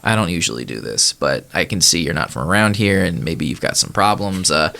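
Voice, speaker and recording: A man playing a weary, deadpan female shop cashier. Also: low-pitched, a little fast, creaky, voice pushed down, heavily acted.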